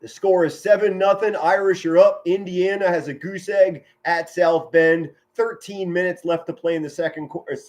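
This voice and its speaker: A middle-aged man giving excited live football play-by-play from home, shouting big plays and chatting warmly with his viewers. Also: high voice, normal speed, hardly any pauses. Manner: enthusiastic, yells touchdown calls, chatty and sentimental with viewers. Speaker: amateur play-by-play commentator streaming live.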